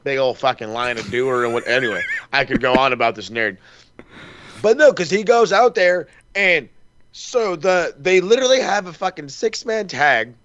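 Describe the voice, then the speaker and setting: A man's voice: fairly high pitch, moderate pace. A man co-hosting a casual wrestling podcast, rambling and profane, acting out quoted lines as he tells it. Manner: rambling, profane, animated storytelling with quoted asides. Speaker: podcast co-host.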